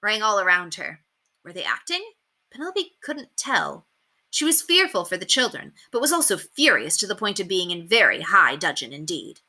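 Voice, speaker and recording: A woman teacher reading a chapter book aloud with expressive storytelling. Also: medium pitch, normal speed.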